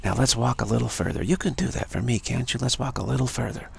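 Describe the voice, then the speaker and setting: A man voicing a mother who gently soothes and coaxes a frightened child. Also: medium pitch, fast, vocal fry, breathy edge, heavily acted. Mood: soothing.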